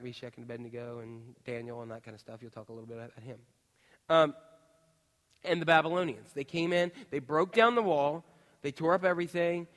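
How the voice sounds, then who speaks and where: A male preacher with a high-pitched voice delivers a sermon in a church. He keeps throwing rhetorical questions at his listeners and swings from quiet asides to sudden loud outbursts. His words ring out with a long reverb from the large hall. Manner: peppers the audience with rhetorical questions.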